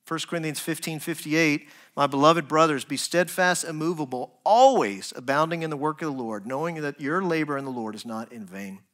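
A man preaching a sermon as pastor, earnest, rising to emphatic points and dropping to soft, quiet asides. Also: a little high, brisk, hardly any pauses. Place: church.

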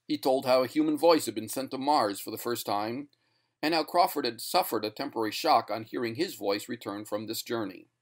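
Reading from a script, a man narrates a short story in a steady, middle-pitched voice. He keeps an even, measured pace, carrying the plot forward unhurriedly.

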